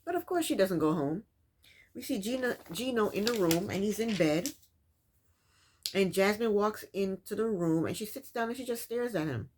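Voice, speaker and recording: A woman's voice: medium pitch, expressive, normal speed, darkish tone. A woman hosting a casual recap of a reality show, telling the events in her own words and scolding the people in it. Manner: sassy, scolds the people on screen.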